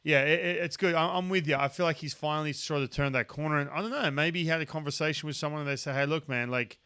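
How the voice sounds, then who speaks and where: A man with an Australian accent hosting a casual sports podcast, chatty and excitable, full of restarts. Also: on the high side, fast talker, clear, resonant tone, dry recording, clean studio sound. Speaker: podcast host.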